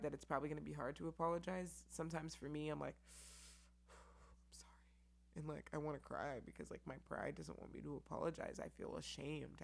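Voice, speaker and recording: Woman podcast host, low voice, candid rambling chat with plenty of "um" and "like", talking to camera. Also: vocal fry. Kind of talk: casual solo podcast chat. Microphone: camera with mic.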